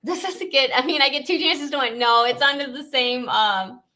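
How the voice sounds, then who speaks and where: A woman's voice: sits high, moderate pace, sharp tone. A woman from Louisiana, hosting a casual live stream and chatting in a rambling way, laughing often.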